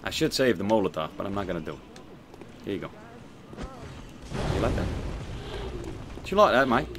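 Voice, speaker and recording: A young man streaming a video game, swearing, joking and reacting loudly as he plays and reads the chat. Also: low voice, expressive, brisk, noisy background. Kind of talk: casual gaming stream commentary.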